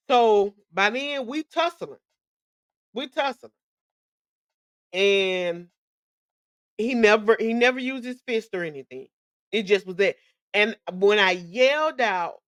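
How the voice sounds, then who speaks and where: A woman's voice: mid-range voice, animated, takes it slowly, long pauses, fairly bright tone, no echo. Woman, young adult, podcast host, personal storytelling, emphatic, repetitive, slangy, dry close sound. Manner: candid and emphatic, with frequent repetitions; slangy casual speech.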